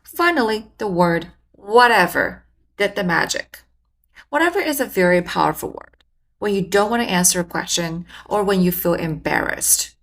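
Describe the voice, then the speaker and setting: A woman hosting a communication channel, giving measured, explanatory scripted narration. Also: mid-range voice, expressive, a bit bright.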